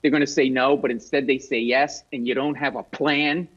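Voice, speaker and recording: A man telling a comic story as a guest comedian, animated and self-mocking. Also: mid-range voice, normal speed, dull audio.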